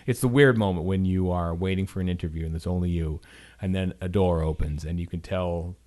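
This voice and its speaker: A Canadian man co-hosting a podcast, telling an animated story in casual chat with lots of fillers. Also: sits low, fairly quick. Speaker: podcast co-host.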